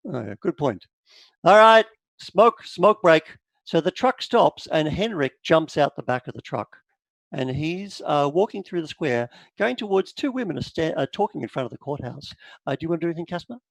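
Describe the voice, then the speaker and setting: A man narrating as game master of a tabletop horror game, animated and full of quick asides. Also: fairly high pitch, vocal fry, no room sound. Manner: animated, lots of fillers and asides.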